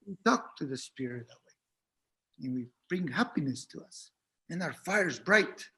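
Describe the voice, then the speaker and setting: High-voiced man, gentle and halting. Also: animated. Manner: gentle, halting, often repeats words. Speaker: spiritual teacher. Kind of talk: reflective spiritual talk.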